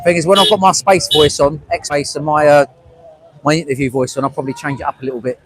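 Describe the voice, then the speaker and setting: A man's voice: fairly high pitch, steady tone, fast, background noise. A man from North London with a London accent, running a live street stream and chatting to his viewers in a blunt, sweary, matey way at an outdoor protest. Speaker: livestreamer.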